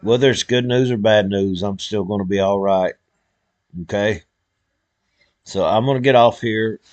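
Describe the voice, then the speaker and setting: A man's voice: lowish voice, moderate pace, no room sound, lo-fi sound. An older man, speaking an emotional, heartfelt prayer to his live-stream viewers in a folksy way.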